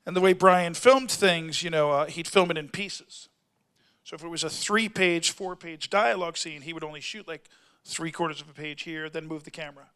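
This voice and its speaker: Bright high-voiced man telling a story. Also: normal speed, pauses often, clear, resonant tone. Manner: rambling, self-interrupting storyteller who acts out quotes. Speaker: actor, panel guest. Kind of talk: convention panel anecdote. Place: convention hall panel.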